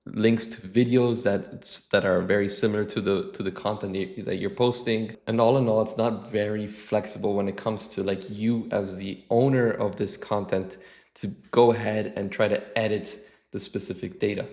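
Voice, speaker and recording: A man hosting a casual screen-share tutorial, relaxed, restarting phrases and using filler words as he clicks through. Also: on the low side, normal speed. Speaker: channel host.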